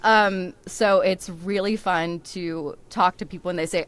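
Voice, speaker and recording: A woman's voice: lowish voice, fairly even intonation, unhurried, few pauses. A young woman from the American South with a neutral American accent, chatting and laughing often as a podcast guest who narrates audiobooks. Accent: General American. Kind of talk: casual chat.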